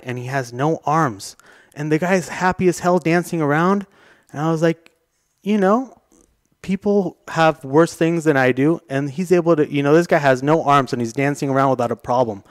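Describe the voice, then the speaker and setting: A man's voice: a little high, fairly quick, no room sound, clean studio sound. A young man telling a story as a podcast guest, casually and loosely, swearing and laughing along. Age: young adult. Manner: laid-back, swearing, laughing through his story.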